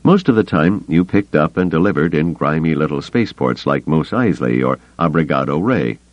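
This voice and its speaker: A man reading an audiobook in a measured, expressive storytelling manner. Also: a bass voice, no echo. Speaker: audiobook narrator. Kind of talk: scripted audiobook narration. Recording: dry, slightly muffled studio recording.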